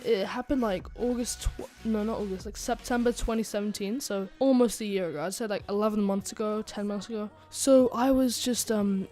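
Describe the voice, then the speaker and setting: A woman chats through a casual storytime anecdote at a mid-range pitch for a woman, rambling with fillers and restarts and dropping in giggly asides. Faint music plays quietly behind her as she talks into a desk microphone. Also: brisk, few pauses. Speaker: channel host telling a story.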